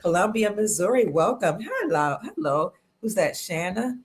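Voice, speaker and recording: This livestream host from Cleveland, Ohio, has a sing-song, medium-pitched voice and keeps a moderate pace. Upbeat and talkative, she welcomes her viewers and reads out what they comment.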